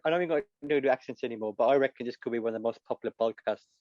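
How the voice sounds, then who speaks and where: A man's voice: mid-range voice, rapid-fire, no echo. Laid-back man on a dull line. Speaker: co-host and impressionist. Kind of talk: casual podcast chat.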